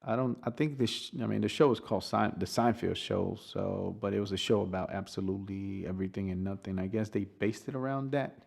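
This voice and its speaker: A man's voice: fairly low pitch, a little fast, gravelly, hardly any pauses, darkish tone. A man, a native Spanish speaker, hosting his podcast in a rambling casual monologue, full of restarts and swearing freely. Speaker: podcast host.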